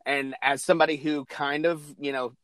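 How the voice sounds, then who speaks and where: A man hosting a podcast interview, casual and loose, swearing and halting with filler words. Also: a little high, fairly even intonation, fairly bright tone, dry recording. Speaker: podcast host.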